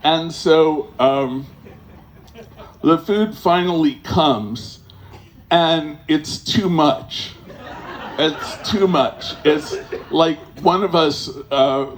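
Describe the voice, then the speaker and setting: A man spins a loose, rambling story for a live crowd, drawing it out at an unhurried crawl. His voice sits a touch high for a man, and he stops, restarts and chuckles his way through each turn of the tale. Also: slight background noise. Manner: rambling, halting, full of fillers and restarts.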